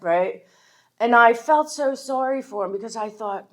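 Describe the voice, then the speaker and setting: A middle-aged woman with a Philadelphia-area American accent tells her recovery story. She talks in a candid, self-deprecating way, full of fillers and asides, with a gravelly fry under a mid-range voice. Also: mid-range voice, lively intonation, a little slow. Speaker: recovery meeting speaker. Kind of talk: personal recovery talk.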